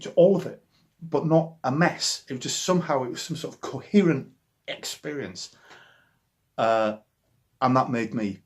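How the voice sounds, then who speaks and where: A man in his forties with a Yorkshire accent, a musician talking casually and enthusiastically about the records that shaped him. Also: mid-range voice. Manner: enthusiastic and rambling, with frequent restarts. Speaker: musician guest.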